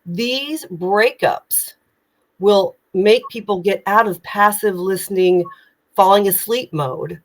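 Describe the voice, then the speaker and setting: Energetic, emphatic woman coaching. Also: mid-range voice, slow pace. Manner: energetic, emphatic, projecting with urgency. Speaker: communication coach. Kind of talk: live online training session.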